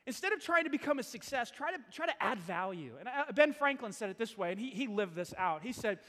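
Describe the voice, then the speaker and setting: High, bright-voiced male preacher in a hall. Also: big pitch swings, fast talker. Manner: self-deprecating, chatty storytelling with laughs. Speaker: pastor. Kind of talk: sermon. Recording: hall reverb.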